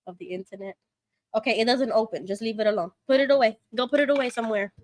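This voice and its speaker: A woman in her thirties with a New York Puerto Rican accent, hosting a casual livestream from home, chatty and quick to laugh as she reads comments aloud. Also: fairly high pitch, darkish tone. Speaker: livestream host.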